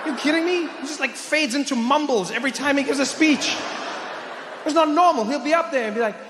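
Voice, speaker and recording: A man doing stand-up comedy on stage, animated and mock-indignant. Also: extremely high pitch, a little fast. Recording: echoey hall with background noise.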